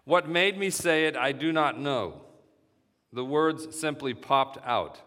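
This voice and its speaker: A man reading a story aloud in a measured, deliberate way. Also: on the high side, lively intonation, bright, forceful tone. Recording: reverberant hall sound.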